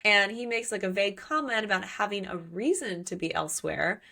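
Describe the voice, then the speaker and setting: Woman recapping a book on a podcast, lively, swears a lot, acts out the lines. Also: medium pitch, brisk, creaky. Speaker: podcast co-host. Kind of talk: casual book-recap chat.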